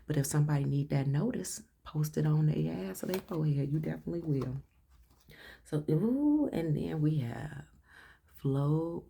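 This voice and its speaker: A woman giving a casual tarot card reading, blunt and slangy, who swears freely and sometimes swings playfully into a higher voice. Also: gravelly, warm tone, slightly rough. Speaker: tarot reader.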